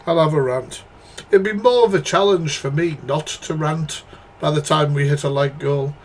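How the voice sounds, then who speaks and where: A British man hosting a live reaction stream, his voice sitting a little high for a man. He fires off blunt, sweary, exasperated asides to his chat. A faint hum of room ambience sits behind him. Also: moderate pace. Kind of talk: casual live commentary.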